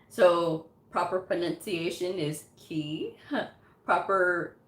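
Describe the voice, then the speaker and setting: A woman hosting a casual live chat on her channel, giving career advice on medical coding. She speaks emphatically, repeats her points and chuckles often. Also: lowish voice. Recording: roomy echo.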